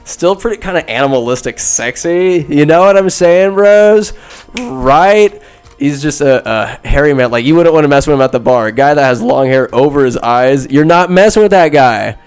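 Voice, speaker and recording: A man's voice: mid-range voice, expressive, moderate pace, clean tone, faint music behind. A man hosting a podcast, retelling a film in a rambling, profane, irreverent way and acting out the characters. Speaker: podcast host. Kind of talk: rambling comic movie recap.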